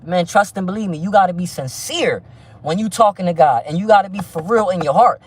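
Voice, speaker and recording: A man with a slightly higher-than-average voice talks loosely to his livestream viewers. He preaches about faith one moment and curses out the chat the next. He is heavy on street slang and keeps circling back with "you feel me". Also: fairly quick, husky. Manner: stumbling restarts, frequent "you feel me". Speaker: livestream host.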